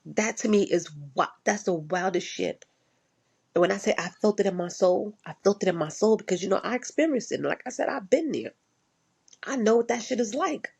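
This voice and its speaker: A woman's voice: medium pitch, lively intonation, brisk, vocal fry, darkish tone, breathy edge. A woman ranting casually, blunt and profane, repeating herself for emphasis. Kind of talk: casual rant.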